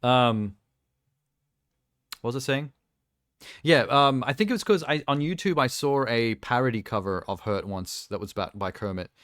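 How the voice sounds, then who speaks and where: A male streamer talking in a loose, rambling rant that drifts from one tangent to the next, often amused at himself. His voice sits at an ordinary middle pitch, and the sound is close and dry with no room echo. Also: expressive, normal speed, pauses often, fairly bright tone. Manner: rambling, ranting, self-amused. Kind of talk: casual live-stream chat.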